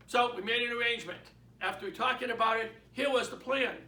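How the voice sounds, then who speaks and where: A man with a Boston accent gives an emphatic, story-driven motivational talk to realtors. His voice is very high and bright. He is recorded in an echoey room, away from the mic. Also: distant mic. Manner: emphatic, storytelling, repeats key points. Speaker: real estate mentor and sales speaker.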